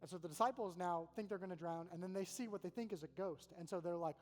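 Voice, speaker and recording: A man's voice: sits high, quick pace, hardly any pauses. Man preaching in an echoey hall. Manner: earnest, conversational preaching with repeated phrases. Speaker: college pastor. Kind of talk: sermon. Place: large hall with an audience in Oxford. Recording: echoey hall with faint hum.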